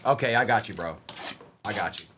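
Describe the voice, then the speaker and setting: A young man on a live stream, chatting casually and calling out player names as he opens card packs, getting excited along the way. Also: fairly low pitch, brisk, a little hiss or hum.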